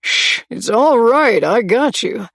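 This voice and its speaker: A woman voicing an adult male stranger who shouts reassurance while searching the woods, dry close recording. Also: fairly high pitch, expressive, takes it slowly, dry recording, voice pushed up, heavily acted. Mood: soothing.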